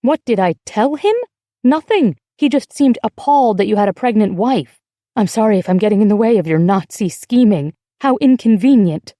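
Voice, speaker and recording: Woman reading as a sharp, wary pregnant wife. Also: mid-range voice, animated, normal speed, dry recording, clean studio sound, natural voice. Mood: accusing. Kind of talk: audiobook dialogue reading.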